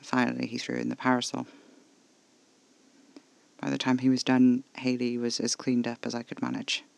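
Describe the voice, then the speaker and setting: Gravelly man narrating horror. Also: medium pitch, completely flat delivery, moderate pace, dry recording, poor audio. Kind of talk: scripted first-person horror narration.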